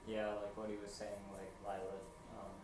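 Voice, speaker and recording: Hesitant student, low flat voice, echoey. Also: male voice, normal speed, background noise. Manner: hesitant, brief answers. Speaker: brass student. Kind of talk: answering a coach in rehearsal. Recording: echoey room from a distance.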